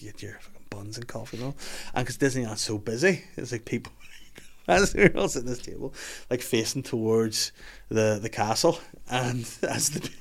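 A man telling a story on a podcast. He laughs through it, swears freely and acts out other people's voices when he quotes them. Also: fairly low pitch. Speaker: comedian guest. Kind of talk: casual storytelling chat. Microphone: podcast microphone.

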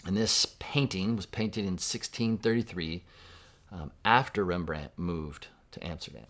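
A deep-voiced man preaching a sermon. He talks in a conversational way and asks his congregation questions as he goes. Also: measured pace, a bit bright. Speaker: pastor.

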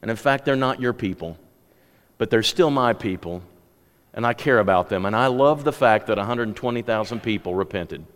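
A preacher voicing God as a calm, stern male figure who firmly rebukes an angry prophet. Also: on the low side, smooth, close to an everyday voice. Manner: measured, reproachful. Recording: long hall reverb.

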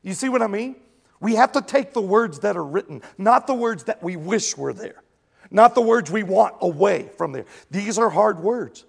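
A pastor preaching a sermon, animated and jokey, who slips into mimicking other voices. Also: male voice, high-pitched, normal speed, vocal fry, slightly rough, long reverb tail.

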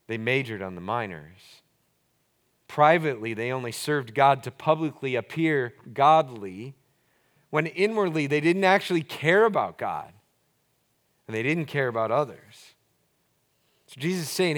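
A man preaching a sermon as pastor, earnest and explanatory, slowing down to stress key words and dropping his voice low for emphasis. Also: lively intonation.

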